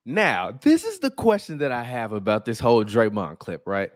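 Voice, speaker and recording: A man's voice: mid-range voice, normal speed, no room sound, studio quality. A man hosting a casual, comedic sports commentary, full of profanity and laughing asides. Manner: profane, animated, laughing riffs. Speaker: host.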